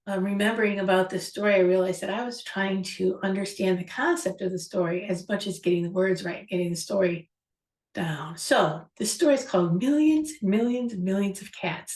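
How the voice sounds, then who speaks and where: Musing woman host in an echoey room. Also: mid-range voice. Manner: musing, reflective, rambling. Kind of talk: storytelling on a talk show. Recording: echoey room, far from mic.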